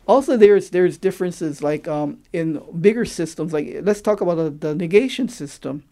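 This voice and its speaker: A man from Hawaii who teaches the local creole, explaining its grammar through examples in a thoughtful, halting way, often pausing to search for words. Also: sits high, dark tone.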